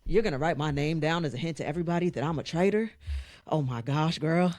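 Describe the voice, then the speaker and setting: A woman imitating a flirty man, speaking in a slow teasing drawl. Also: fairly high pitch, darkish tone, no room sound, voice pushed down, lightly acted.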